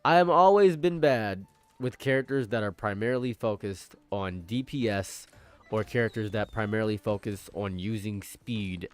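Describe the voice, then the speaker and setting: A man talking casually as a vlogger, rambling playfully and repeating his jokes with mock villainy. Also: fairly low pitch. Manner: playful, repetitive, jokingly villainous.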